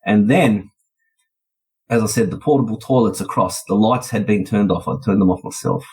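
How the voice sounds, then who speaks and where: An Australian man with a low, husky voice tells his story in a relaxed, chatty manner. He speaks casually, as a podcast guest sharing events with the listener. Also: fairly quick, few pauses, poor audio. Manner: chatty, laid-back, slips into voices when quoting.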